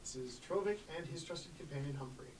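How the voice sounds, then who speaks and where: A man's voice: on the high side, fairly quick, recorded from a distance, noisy background. A man playing a tabletop game, talking casually and with amusement. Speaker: player.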